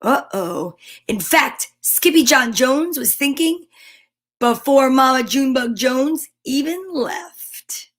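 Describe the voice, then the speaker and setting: A woman's voice: fairly high pitch, fairly bright tone. A woman reading a children's picture book aloud, with playful, chatty asides to her listeners. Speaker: children's story reader.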